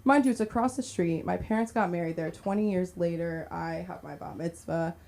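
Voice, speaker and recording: A woman's voice: lowish voice, fairly quick, vocal fry, a little mellow. A woman doing a chatty, rambling stand-up set at a comedy club open mic, giggling through her bits. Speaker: stand-up comic.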